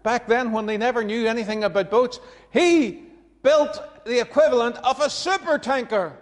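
A man's voice: very high-pitched, lively intonation, moderate pace, long reverb tail. A man preaching a sermon, conversational and emphatic, chuckling between his points.

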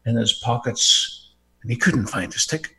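An Irish man preaching a sermon, impassioned and emphatic, swinging from quiet asides to soaring outbursts. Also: medium pitch, expressive, moderate pace.

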